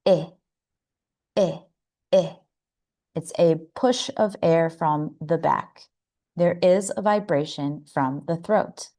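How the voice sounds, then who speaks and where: An American woman gives a pronunciation lesson in a measured, unhurried way. Her voice sits slightly low for a woman, and she slows down further to demonstrate each vowel with care. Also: warm tone. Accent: General American. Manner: slow, careful, demonstrating sounds. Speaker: English pronunciation teacher. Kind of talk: scripted instructional lesson.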